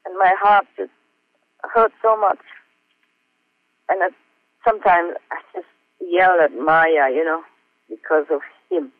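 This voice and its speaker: A man reading aloud from his personal diary notes as a spiritual teacher, earnest and halting, with many fillers and small self-mocking laughs. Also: high-pitched, sing-song, no echo. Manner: earnest, heartfelt. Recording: tinny phone-like audio.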